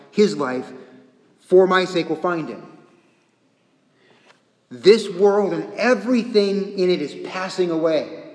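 A man delivers a sermon slowly and earnestly, repeating his phrases as he builds each point. His voice sits a little high for a man. It rings through a large church hall with a long echo. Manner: earnest preaching with repeated phrases, pausing often. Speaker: pastor.

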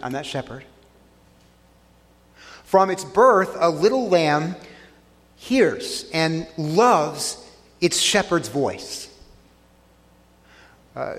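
A pastor preaches a sermon from the pulpit in a slightly high, earnest voice, leaning hard on key words and drawing phrases out slowly for emphasis. The long reverb of a church hall rings around his voice.

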